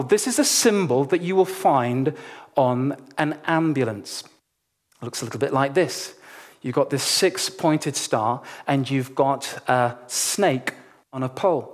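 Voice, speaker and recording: A man from Nigeria delivers a sermon in a fairly high voice. He tells personal anecdotes with humor and animation, speaking directly to his listeners as a preacher. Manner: animated, humorous storyteller addressing a congregation.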